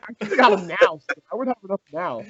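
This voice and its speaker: A young man casually telling a prank story to friends on a podcast, animated, swearing and acting out what people said. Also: high-pitched, quick pace, crowd noise. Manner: animated, swearing, acts out quotes. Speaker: podcast host. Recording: slightly dull lo-fi sound.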